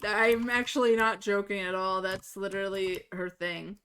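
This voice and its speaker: Casting: blunt, animated woman streamer with a bright voice, chatting while she plays. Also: mid-range voice, normal speed, smooth. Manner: blunt, swears freely, animated storyteller. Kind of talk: casual chat while gaming.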